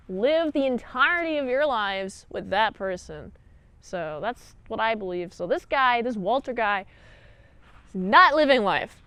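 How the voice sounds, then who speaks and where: A woman's voice: on the high side, fairly bright tone, dry recording. A woman giving a chatty, jokey review monologue, full of "like" and retellings. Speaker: video reviewer.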